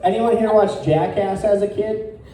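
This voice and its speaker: A male stand-up comedian doing a crude deadpan set, chuckling at his own jokes. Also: high voice, measured pace, some chatter behind. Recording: echoey room, picked up from a distance.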